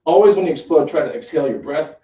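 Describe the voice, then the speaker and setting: Picked up by a distant mic across an echoey indoor gym, this male trainer talks quickly in a slightly high, mellow voice with lively intonation. His casual demo is chatty, peppered with "okay?" check-ins, and the sound is dull.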